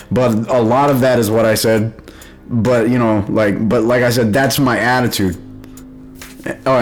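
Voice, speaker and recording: A young man hosting his own show, telling stories in a blunt, profanity-heavy, loud casual rant with frequent laughs. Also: medium pitch. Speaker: podcast host. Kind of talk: casual ranting monologue.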